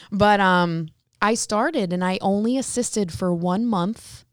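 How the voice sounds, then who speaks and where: A woman from Connecticut, a hairstylist who owns a salon, is an interview guest telling casual stories, acting out the quoted dialogue with lively flair. Her mid-range voice is clear and resonant, unhurried with few pauses. The studio-quality recording has no room sound.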